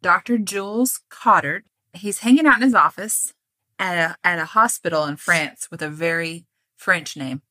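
A woman co-hosting a podcast, telling a story in a casual, animated way and acting out the people in it. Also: lowish voice, normal speed, no room sound. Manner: animated, acts out quoted characters, laughs often.

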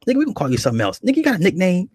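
A man putting on a brash, loud New York street woman. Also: high voice, wildly swooping pitch, racing, husky, no room sound, studio quality, voice pushed up, exaggerated voice. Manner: loud, swaggering street talk. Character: rough, brash young New York woman drug dealer.

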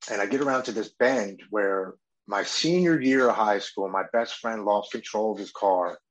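Low-voiced man telling his recovery story. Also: poor audio. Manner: earnest, emotional storytelling with quoted inner speech. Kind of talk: personal recovery testimony.

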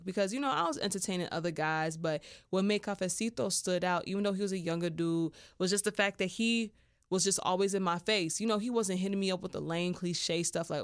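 A woman's voice: lowish voice, fairly quick, clean tone, dry recording, clean studio sound. A woman hosting her own podcast, talking frankly and casually, with lots of fillers. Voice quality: chatty, blunt, full of fillers. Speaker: podcast host.

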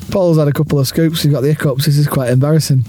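A man's voice: a little high, darkish tone, slightly rough. A man chatting in a parked car outside a football ground, teasing his friend and laughing often. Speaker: podcast co-host. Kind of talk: casual matchday chat.

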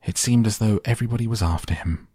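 A man reading a children's book aloud in calm audiobook narration for sleep, slow, soft and even. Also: fairly low pitch, breathy edge, no room sound, clean studio sound. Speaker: podcast reader.

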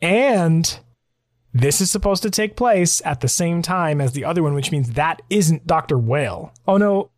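A man's voice: on the high side, expressive, darkish tone, dry recording, clean studio sound. A man chatting casually as he reacts to a TV episode, correcting himself and picking apart accents. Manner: chatty, self-correcting, quick to analyze. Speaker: TV show reaction host.

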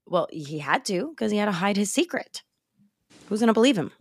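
A young woman hosting a podcast from home, retelling a movie plot in a casual, animated way, with sighs and laughs. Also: mid-range voice, a little fast, slightly rough, dry recording. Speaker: podcast host. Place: home, late at night. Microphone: remote call recording.

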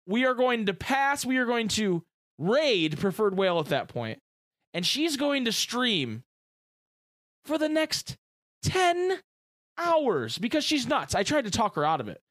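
A chatty man co-hosting a casual podcast, his voice high and swooping all over the place. He talks excitedly in gamer slang. The sound is dry and close. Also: unhurried, no echo. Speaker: podcast co-host. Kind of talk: casual chat.

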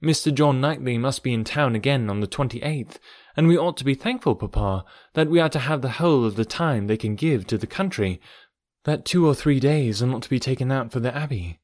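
A man's voice: mid-range voice, brisk, no room sound, clean studio sound, close to an everyday voice. A man reading the lines of a patient, sensible young woman who reassures her father, in an audiobook. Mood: reassuring. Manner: calm, reassuring.

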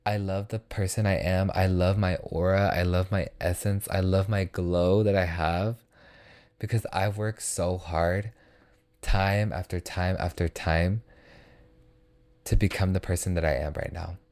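A man's voice: low voice, fairly even intonation, a little slow, a little mellow. A young man hosting a motivational solo podcast, talking in an earnest, reassuring way and repeating phrases for comfort. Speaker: podcast host.

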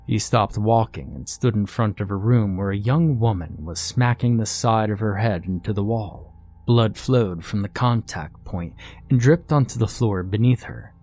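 A man narrating a first-person horror story in a tense, measured, scripted way. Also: lowish voice, darkish tone.

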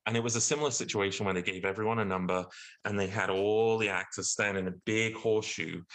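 A man with a British accent casually telling a story, animated and acting out the people he quotes, his pitch jumping up when outraged. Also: rough recording. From Britain.

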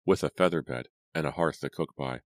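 A man's voice: extremely low pitch, brisk, a little mellow, no echo, clean studio sound. A man voicing a worried young farm boy. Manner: worried, hesitant. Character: anxious timid teenage farm boy. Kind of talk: audiobook character voice.

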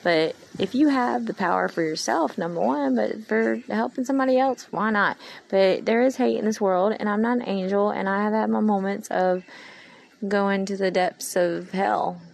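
A woman's voice: medium pitch, normal speed, gravelly, a little mellow, low-quality recording. A woman in her thirties talking in a rambling, earnest personal monologue to her followers. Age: 30s. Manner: meandering, earnest, heartfelt. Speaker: vlogger.

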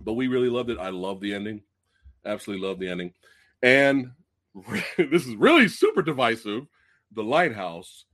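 A podcast host with a lively voice runs a casual movie review livestream at a moderate pace. He's excitable and profane, lurching from loud outbursts to low mutters.

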